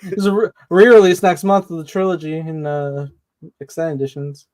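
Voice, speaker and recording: A man's voice: fairly high pitch, normal speed, a little mellow. A man co-hosting a casual fan podcast, tossing in joking, dry asides and casual swearing. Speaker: podcast co-host.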